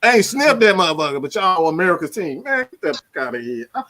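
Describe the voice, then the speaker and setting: A man hosting a sports-talk show who rants loudly, with heavy profanity. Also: sits high, sing-song, fast. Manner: loud, profane, fired-up ranting. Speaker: podcast host. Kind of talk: heated sports-talk rant.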